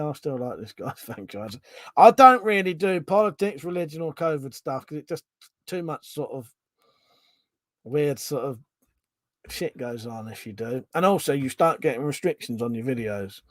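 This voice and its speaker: A man's voice: a little high, expressive, normal speed, no room sound, clean studio sound. A man, hosting a casual livestream, reading out viewer comments, swearing freely and laughing often. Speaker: livestream host.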